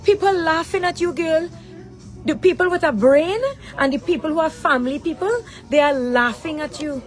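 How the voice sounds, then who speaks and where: Confrontational woman, high voice. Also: normal speed, soft background music, poor audio. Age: middle-aged. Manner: confrontational, keeps asking "huh?" rhetorically. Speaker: mother addressing her daughter. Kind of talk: angry direct-to-camera rant.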